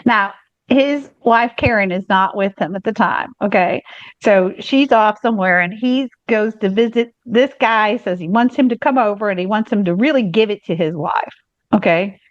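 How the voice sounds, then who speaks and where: A woman's voice: medium pitch, normal speed, no echo, highs cut off. Frank, explicit woman podcast co-host. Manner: frank and explicit, many restarts. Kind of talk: candid casual chat, storytelling.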